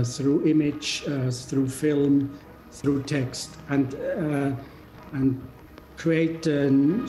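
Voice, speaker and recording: A man lectures very slowly in a mellow voice, stopping often on filler sounds as he gathers his thoughts. His voice rings around an echoey lecture room, with faint music underneath. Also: a little high. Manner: halting, with frequent filler pauses. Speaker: guest lecturer. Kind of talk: university lecture.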